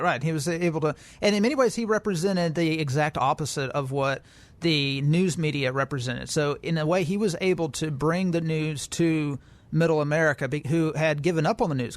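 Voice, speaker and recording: A man's voice: fairly high pitch, dry recording. A man co-hosting a casual political podcast, reading news quotes aloud with frequent fillers and restarts. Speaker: podcast co-host.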